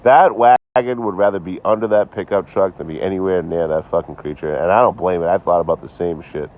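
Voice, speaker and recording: Low and darkish in tone, this man talks briskly. He's a bit drunk and casually chatting on a livestream from his phone, profane and rambling as he trades sarcastic jokes with viewers.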